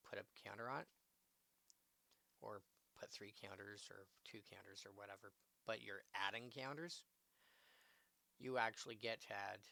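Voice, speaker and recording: A man with a gravelly, crackly voice reads card text out loud on a live stream in a slow, unhurried way. His tone is bright and forward, with quick asides between the cards. The sound is dry and close, with no room around it. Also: lowish voice, no echo. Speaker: streamer opening card packs. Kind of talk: casual live-stream commentary.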